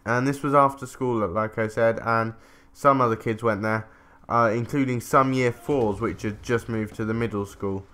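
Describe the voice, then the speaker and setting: A man's voice: medium pitch, steady tone, normal speed, hardly any pauses, fairly bright tone. A man, telling a rambling story during casual gameplay commentary, swearing casually. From England. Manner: rambling, chatty, self-interrupting, swears casually. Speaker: gaming commentator.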